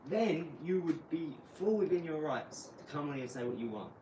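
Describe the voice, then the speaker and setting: A young man streaming live from his garage, mocking and trash-talking a viewer with sudden loud outbursts. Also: a little high, expressive, moderate pace, far from the mic, noisy background. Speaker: livestreamer. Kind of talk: live stream chat while boxing.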